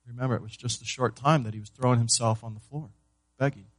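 A pastor preaching a sermon to his church, moving between loud emphasis and hushed, low delivery, and asking the congregation questions he then answers. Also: fairly even intonation, quick pace, dry recording. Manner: asks the congregation questions and answers them himself.

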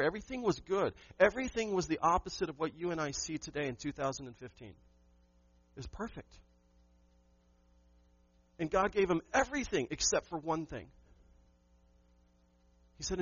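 Emphatic preaching man, fairly high voice. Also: fairly bright tone, no room sound, highs cut off. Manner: emphatic, rhetorical questions to the congregation. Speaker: pastor. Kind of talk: sermon.

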